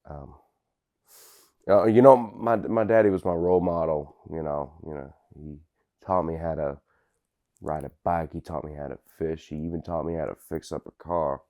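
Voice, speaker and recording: A man doing a gravelly, rambling washed-up rapper. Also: a bass voice, steady tone, normal speed, muffled recording. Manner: rambling with many fillers. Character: dim, rambling washed-up male crunk rapper. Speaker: interviewee.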